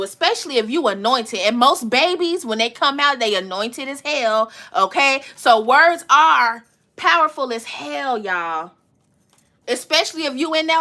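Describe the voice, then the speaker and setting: A woman's voice: sits high, animated, unhurried, sharp tone. A woman giving a live tarot reading to her viewers, casual and slangy, swearing often and breaking into laughter. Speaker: tarot reader.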